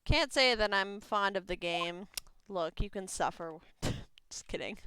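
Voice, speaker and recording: A woman's voice: on the low side, unhurried, pushed and bright, smooth, dry recording. A woman streamer in casual let's-play chat, wry and laughing at herself. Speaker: streamer playing a game. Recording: game music playing behind. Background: game music.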